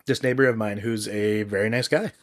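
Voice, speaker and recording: A man's voice: lowish voice, fairly even intonation, a little fast. A man hosting a podcast in casual chat, telling stories in a rambling way full of "um", "like" and "right?". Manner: rambling storyteller, heavy on "um", "like" and "right?". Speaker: podcast host.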